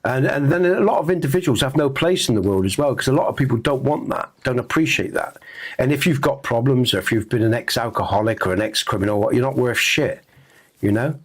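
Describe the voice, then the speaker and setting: Husky middle-aged man, earnest rambling. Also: mid-range voice, a little fast. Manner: rambling, earnest, many fillers and restarts. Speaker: game streamer host. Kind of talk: reflective casual chat on stream.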